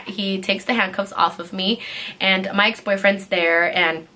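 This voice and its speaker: A young woman tells a personal story to camera in a casual vlog style. Her voice is bright and clear at a middling pitch. She is animated and keeps dropping "like" as she talks. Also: unhurried. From California. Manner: animated, heavy use of "like", acts out quotes. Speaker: beauty vlogger telling a story.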